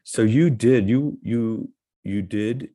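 A man interviewing a guest, affirming her with slow, measured praise. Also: lowish voice, dark tone. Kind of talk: conversational interview.

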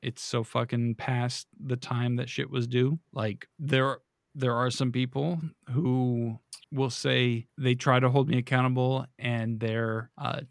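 A man's voice: medium pitch, little pitch movement, takes it slowly, vocal fry, no room sound, studio quality. A man as a podcast guest, chatting casually, rambling and self-deprecating with plenty of swearing. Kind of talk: casual chat.

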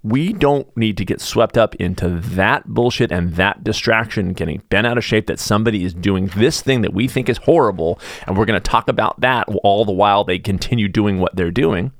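A middle-aged man hosting a podcast, delivering an animated casual monologue, full of restarts, and mocking others in sudden high voices. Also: fairly quick, few pauses, no room sound, clean studio sound. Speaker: podcast host.

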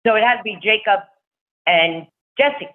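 Over a tinny phone line, a middle-aged woman with a medium-pitched voice and lively intonation speaks at a normal pace. She's casually chatting, telling a rambling fan story and acting out the voices of the people in it like a chatty storyteller.

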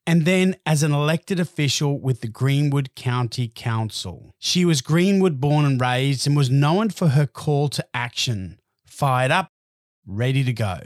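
A man giving scripted motivational narration in a measured, emphatic way. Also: medium pitch, no echo, clean studio sound. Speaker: motivational speaker.

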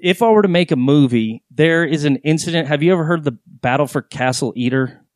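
A man's voice: fairly high pitch, brisk, dry recording. A man hosting a podcast, telling long candid stories in casual chat, with some swearing. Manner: rambling, candid storyteller with swearing. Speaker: podcast host.

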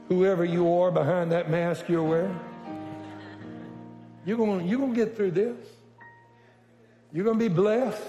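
A man preaching a sermon to a congregation, building from slow, deliberate lines up to shouted declarations. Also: high voice. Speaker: pastor. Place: large church hall. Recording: echoey hall from far off.

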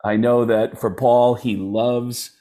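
A man who is a comedian guest, telling animated stories and switching into voices for the people he quotes. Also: medium pitch. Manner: lively anecdotes with quick voice switches for quoted people. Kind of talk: animated storytelling chat.

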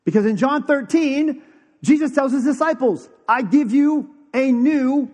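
A man preaching a sermon as pastor, conversational, dropping to a hushed, slow emphasis on key phrases. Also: very high-pitched, in a large hall.

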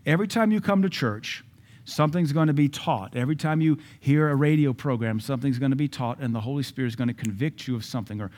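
A male pastor delivers a sermon at a church service with an emphatic, driving delivery. He hammers his points home by repeating key words and phrases. His voice sits at an ordinary middle pitch for a man. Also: quick pace, a little mellow.

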